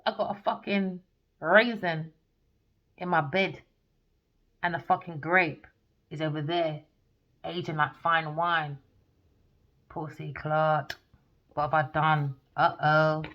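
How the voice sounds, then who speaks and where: A woman's voice: low voice, fairly even intonation, slow pace, long pauses. Blunt, profane woman. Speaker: tarot reader. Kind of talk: casual tarot reading. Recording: dull lo-fi recording.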